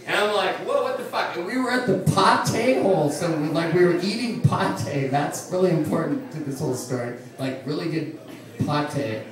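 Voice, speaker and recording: High-voiced guy telling a swear-heavy story on stage, super echoey bar, far from the mic, crowd chatter. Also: normal speed. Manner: profane, rambling, laughing through the story. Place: bar venue with audience. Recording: echoey room, distant mic, crowd noise.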